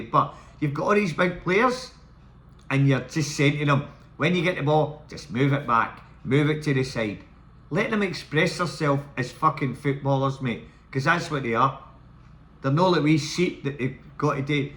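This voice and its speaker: A man's voice: mid-range voice, fairly bright tone. Swearing Scottish man ranting. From Scotland. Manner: swearing, heated, repetitive. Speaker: football fan vlogger. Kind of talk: angry fan rant to camera.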